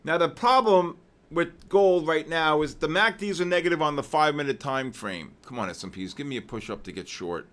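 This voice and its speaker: A man hosting a live trading session, excitedly shouting out viewers' names with heavy market jargon, then dropping to weary muttering over questions. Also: a little fast. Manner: drops to low, weary muttering while reading questions. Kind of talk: live trading-stream commentary.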